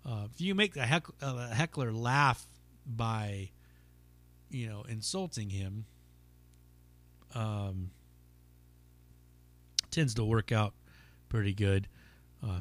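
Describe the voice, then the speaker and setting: A man's voice: on the low side, unhurried, pauses often. A man hosting his own podcast, telling a stand-up story in casual, rambling talk full of swearing and fillers. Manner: rambling, profane, lots of fillers. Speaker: podcast host and stand-up comic.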